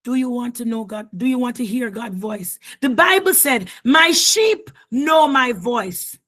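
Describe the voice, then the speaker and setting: A woman preacher delivering a fervent sermon, repeating phrases and often raising her voice to a shout. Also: on the high side, lively intonation, measured pace.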